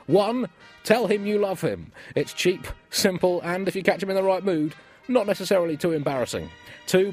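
A British man in his thirties hosting a satirical comedy podcast, dry and deadpan, with sudden bursts of mock outrage. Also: a little high.

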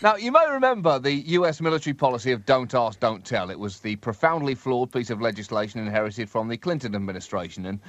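A man co-hosting a satirical comedy podcast, delivering wry, deadpan asides with bursts of emphasis. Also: mid-range voice, quick pace, few pauses, no echo, highs cut off.

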